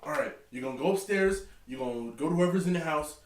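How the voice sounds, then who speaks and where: Man doing a grumpy cabbie, low, muttered, roomy and distant. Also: lively intonation, fast talker, slight background noise, lightly acted. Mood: grumbling. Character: irritated male taxi driver, quoted. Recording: echoey room, away from mic.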